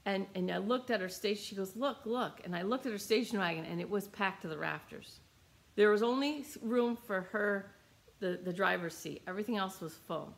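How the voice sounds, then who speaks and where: A young adult woman who teaches meditation tells a personal story, rambling emotionally and repeating her phrases while close to tears. Her mid-range voice is creaky, and she speaks briskly.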